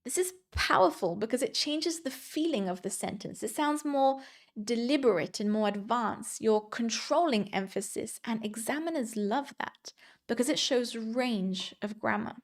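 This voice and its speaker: Clear-voiced woman teaching English grammar. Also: fairly high pitch. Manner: clear, measured, slows down on example sentences. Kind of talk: scripted grammar lesson.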